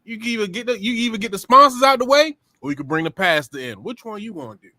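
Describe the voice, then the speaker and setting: A man's voice: high-pitched, lively intonation, fast talker, sharp tone, no room sound. A man co-hosting a casual podcast, teasing and repeating himself as he presses his point. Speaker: podcast co-host.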